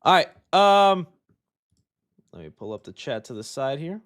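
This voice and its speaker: A young man hosting a live show, chatting casually and reacting loudly, calling his viewers "dude.". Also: on the high side, measured pace, clear, resonant tone. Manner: excitable, loud reactions, says "dude" a lot. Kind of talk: casual livestream chat.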